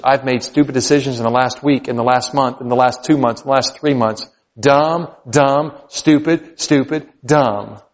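A male pastor preaching a sermon, swinging from loud, high exclamations to low, quiet emphasis. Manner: preaching with big swings in pitch and loudness, rising to near shouts then dropping low. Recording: dull sound with long hall reverb.

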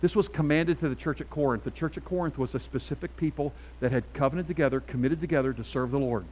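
A middle-aged man preaching a sermon as pastor, emphatic and swinging from quiet asides to loud calls. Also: fairly high pitch, quick pace, slight background noise, poor audio.

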